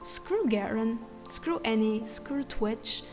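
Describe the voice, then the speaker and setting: A woman content creator casually telling the story of a dream, excited and tumbling, acting out what she said in it. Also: fairly high pitch, slow pace. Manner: excited, tumbling retelling with quoted inner speech. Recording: long reverb with faint music.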